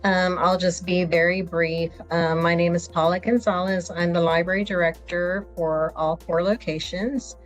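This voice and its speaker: A woman's voice: on the low side, little pitch movement, normal speed, hardly any pauses, soft background music. A woman with a Texas accent, a college library director, giving a brief, friendly orientation talk on a video call with a few hesitations.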